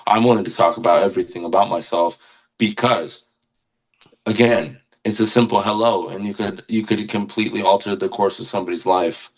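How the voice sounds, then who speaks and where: A man's voice: on the low side, fairly even intonation, a little fast, poor audio. A man who is a guest musician on a podcast, talking with earnest passion and often repeating words as he searches for them. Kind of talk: casual podcast conversation.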